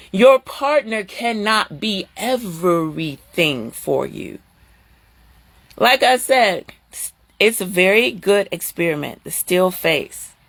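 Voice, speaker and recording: Middle-aged lady chatting on a live stream, loose and animated, jumps way up high when she's surprised. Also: no room sound. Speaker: host talking to live viewers. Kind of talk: casual live-stream talk.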